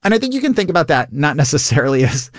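A man, a comedian, talking through an interview in an animated way, laughing and acting out quoted lines. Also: a little high, rapid-fire, no echo, studio quality. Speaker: comedian guest. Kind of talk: conversational interview.

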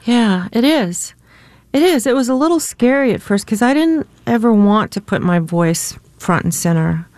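A woman's voice: a little high, expressive, normal speed, darkish tone, no room sound. An American woman in her fifties, a singer-songwriter guest, talking candidly and reflectively in a radio interview and laughing often. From United States. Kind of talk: relaxed radio interview conversation.

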